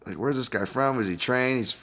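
A man's voice: mid-range voice, fairly quick, bright, forceful tone. A man hosting a solo podcast, talking through upcoming fights in a loose, rambling way, swearing often and laughing at his own asides. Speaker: podcast host and fight analyst. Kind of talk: casual solo podcast breakdown.

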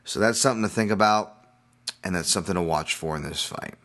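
A man's voice: low voice, fast, a bit bright. A middle-aged man hosting a podcast, talking casually about fights and betting odds while hiccuping, in a rambling, self-deprecating way with frequent restarts. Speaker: podcast host. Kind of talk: casual sports betting talk.

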